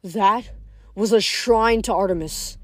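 A woman reading aloud, voicing a tough teenage girl fighter who grumbles bluntly in a low voice. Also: slow, dry recording. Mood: grim, tough.

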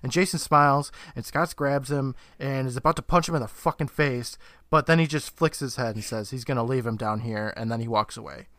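A man co-hosting a podcast, casually recapping a TV episode with frequent laughter, swearing and quick impressions of the characters. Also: mid-range voice, fairly bright tone, no echo. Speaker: podcast co-host.

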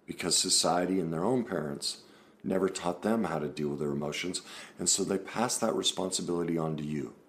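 Deep-voiced man, earnest therapist. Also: a little hiss or hum. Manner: earnest, explaining. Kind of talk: casual talk to camera.

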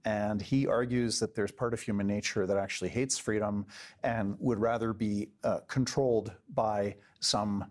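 Lowish male guest in an interview, earnest and slow, lots of uh's. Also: steady tone, darkish tone. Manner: earnest, deliberate, many uh fillers. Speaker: interview guest, legal advocate. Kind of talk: interview answers.

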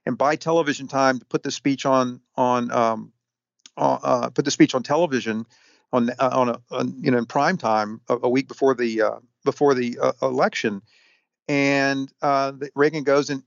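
A man answering interview questions at length, halting often with fillers and restarts. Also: mid-range voice, gravelly, no echo. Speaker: historian guest. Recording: dull, lo-fi sound.

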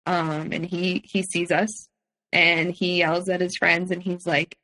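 A woman on a podcast recounting a personal experience candidly, in a steady conversational way with frequent "um" fillers. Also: on the low side, normal speed, poor audio. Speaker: podcast guest.

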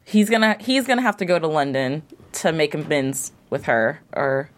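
Woman panelist, animated, giggly, casual chat. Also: deep voice, normal speed.

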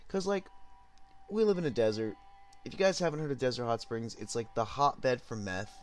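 A man's voice: medium pitch, animated, brisk, soft background music. Rambling, profane, laid-back man. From Southern California. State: high. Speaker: podcast host. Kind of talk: casual storytelling.

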